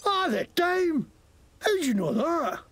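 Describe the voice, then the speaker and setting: An actor playing a foul-mouthed, resentful Scottish shopkeeper and petty crook in a video game, with a Scottish accent and a gravelly voice. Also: male voice, extremely high pitch, sing-song, slow, fairly bright tone, exaggerated voice. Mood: ranting. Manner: swearing, ranting against the law.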